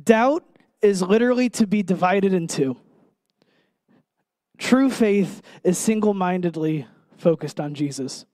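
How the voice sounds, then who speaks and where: A man preaching a sermon in an earnest, emphatic way, pausing and putting direct questions to his listeners. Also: sits high, a little mellow, dry recording.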